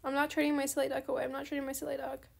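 A woman's voice: high-pitched, racing, creaky. A young woman casually chatting while trading in a game, talking to herself and her viewers and apologizing often. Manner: chatty, apologetic, easily excited. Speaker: gaming channel host. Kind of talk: casual gameplay commentary.

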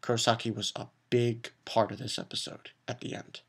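A man's voice: mid-range voice, a little fast, creaky, husky. A man giving a casual spoken episode review, rambling and swearing as he rants in exasperation. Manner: animated, profane, exasperated ranting; rambling with restarts and filler. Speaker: anime reviewer.

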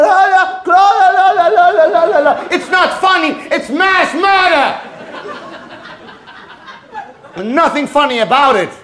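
Very high-voiced comedian. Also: male voice, a bit bright. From Netherlands. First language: Dutch. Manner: mock-earnest, stammering repetitions, chuckling. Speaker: stand-up comedian. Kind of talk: live stand-up comedy. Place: theater stage.

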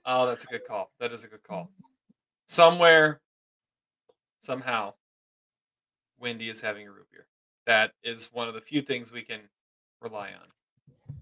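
A man's voice: medium pitch, measured pace, pauses often, pushed and bright. A man co-hosting a casual podcast, playful and repeating phrases for emphasis. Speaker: podcast co-host.

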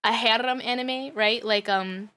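A woman streamer in her thirties with a high, bright voice talks loosely to her chat. She laughs often, swears freely and wanders through stories with plenty of "like"s. Her delivery is casual and unscripted. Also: steady tone, measured pace.

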